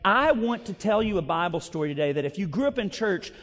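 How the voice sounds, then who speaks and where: A man's voice: sits high, sing-song, brisk, a bit bright. A man preaching a sermon as pastor, conversational and self-deprecating, moving between storytelling and scripture reading. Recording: long reverb of a large hall.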